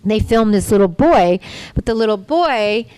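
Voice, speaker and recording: A woman's voice: medium pitch, expressive, normal speed, darkish tone, clean tone, no echo. A woman voice actor chatting on a convention panel, answering fan questions in a playful, chatty way. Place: convention hall panel room. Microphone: handheld microphone.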